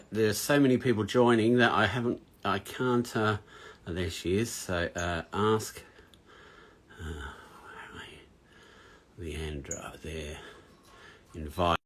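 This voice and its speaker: A man's voice: fairly low pitch, a bit bright. A man hosting a casual podcast interview, talking in a rambling way and often correcting himself. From Australia. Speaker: podcast host.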